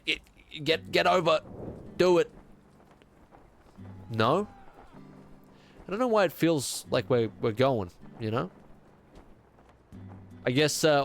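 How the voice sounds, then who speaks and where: A young man with a stuffy, congested voice talks his way through a game stream at a middle pitch, trading sarcastic quips and mock outrage with his chat. Soft guitar music plays faintly underneath. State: congested, sick. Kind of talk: casual gaming stream chat.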